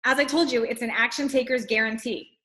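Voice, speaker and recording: A middle-aged woman hosts a casual live coaching session and answers viewer questions as they come in. She is talkative and fills her speech with "like". Her voice sits a little high and sounds bright and energetic. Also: brisk, poor audio. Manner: chatty, reads and answers viewer comments, many "like"s. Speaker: fitness coach hosting a live class.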